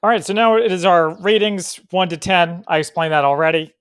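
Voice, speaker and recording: A man's voice: high voice, fairly quick, a bit bright, clear, resonant tone. A man co-hosting a podcast in casual chat, making dry, wry asides. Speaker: podcast co-host.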